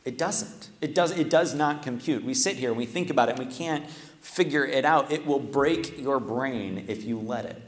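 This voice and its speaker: A man's voice: mid-range voice, moderate pace. A man preaching a sermon at a church microphone. He talks in a casual, conversational way and often checks in with the listeners by asking "right?". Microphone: stands at a microphone. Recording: echoey church hall, long reverb.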